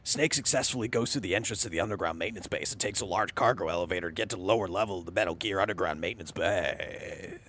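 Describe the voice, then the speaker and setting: A man doing a mock-serious, measured narrator voice that recaps the story of a video game. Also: sits low, a bit bright, slight background noise, voice pushed down. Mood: solemn. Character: slow, solemn male game-recap narrator. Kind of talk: parody game summary narration.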